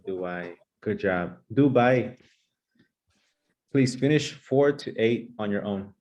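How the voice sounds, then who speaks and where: A man playing an English teacher, calling on students and giving brisk, upbeat praise. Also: on the low side, lively intonation, a little mellow. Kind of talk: playful classroom sketch.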